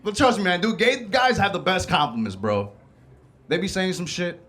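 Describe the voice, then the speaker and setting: A man's voice: high voice, lively intonation, moderate pace, fairly bright tone. A man hosting a comedy show, doing a casual, profane stand-up set on a club stage. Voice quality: casual, profane, laid-back delivery.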